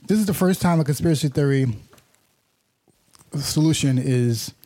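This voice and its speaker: A man's voice: on the high side, moderate pace, warm tone, dry recording. A man co-hosting a casual podcast chat, rambling and restarting sentences as he explains. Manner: rambling, restarts sentences while explaining, laughs at his own points. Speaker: podcast co-host.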